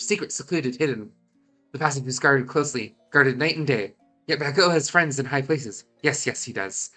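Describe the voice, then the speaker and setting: A man's voice: mid-range voice, bright, forceful tone, lightly acted. A congested Scottish man voicing a small eccentric kobold creature who repeats himself and strings together synonyms. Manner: repeats himself, listing near-synonyms, hissing "yes, yes".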